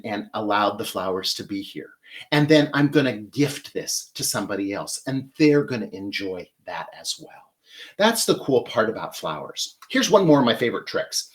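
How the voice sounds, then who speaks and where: A man's voice: on the low side, fairly bright tone. Chatty man demonstrating flower arranging. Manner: chatty, enthusiastic, talks while working with hands. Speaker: florist host.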